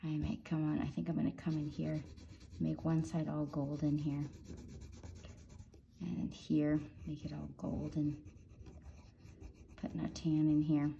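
A woman guiding viewers step by step through coloring a drawing, in a gentle instructing manner. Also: sits low, level tone, a little slow, creaky, long pauses, dull audio, a little hiss or hum. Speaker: art teacher. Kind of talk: drawing tutorial narration.

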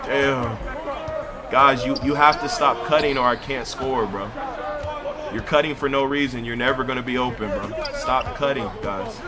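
A man's voice: medium pitch, moderate pace. A man in live game voice chat, trash-talking and bossing his teammates around. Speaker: gamer streamer.

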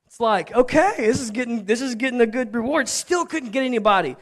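A man's voice: very high-pitched, brisk. A man preaching a sermon as pastor, telling a scripture story in a conversational way with joking asides to the congregation. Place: church sanctuary.

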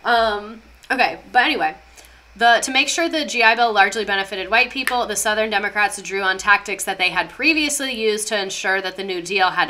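Bright-voiced chatty young woman. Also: medium pitch. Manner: chatty, sarcastic, reads chat aloud. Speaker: streamer teaching history. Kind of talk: casual livestream history lesson.

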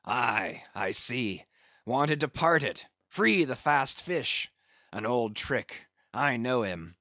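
A man voicing a gruff, obsessed old one-legged sea captain in an audiobook. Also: medium pitch, animated, slow, pushed and bright, no room sound, dull audio, full character voice. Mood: knowing. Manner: gruff, exclamatory.

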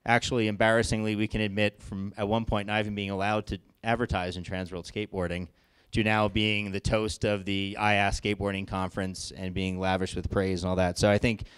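A man's voice: on the low side, little pitch movement, a little fast, clear, resonant tone. A man hosting a trade conference, introducing the next speaker in a loose, upbeat way with many fillers. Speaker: conference host and moderator. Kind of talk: event introduction. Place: conference stage.

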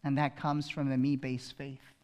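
A male pastor preaching a sermon, swinging from loud proclaiming to hushed intensity and repeating phrases for emphasis. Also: mid-range voice, flat delivery, normal speed.

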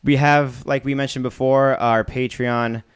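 A young man co-hosting a podcast in a relaxed, casual way, running through shout-outs and giveaways. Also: medium pitch, a little slow, clean tone, no room sound, studio quality. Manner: relaxed, runs the segments and giveaways. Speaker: podcast co-host.

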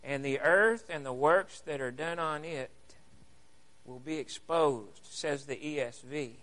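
A man preaching in church, his voice sitting high for a man. He takes his time, leaning hard on key words and putting questions to the congregation as he teaches. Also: takes it slowly, bright, forceful tone. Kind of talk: sermon.

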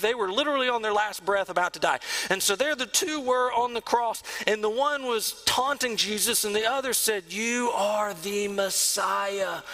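A man preaching a sermon as the pastor of a church, earnest, sometimes dropping to a hush. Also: high-pitched, rough recording. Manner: earnest preaching, drops to a hush on key lines. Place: church sanctuary.

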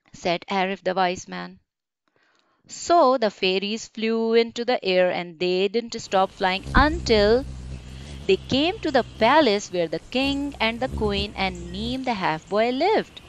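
Slow, expressive woman reading a children's book. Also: mid-range voice, smooth, dry recording. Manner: gentle, expressive, sing-song. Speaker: storyteller.

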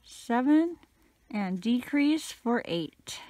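A woman teaching a crochet pattern, counting stitches out loud, her voice a little crackly today. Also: a little high, no echo. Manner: slow, steady counting. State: slightly crackly voice. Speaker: crochet instructor.

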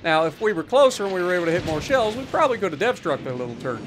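Animated, high-voiced male game commentator. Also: racing, over music. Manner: sarcastic, chatty, teasing. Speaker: gaming YouTuber. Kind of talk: casual gameplay commentary.

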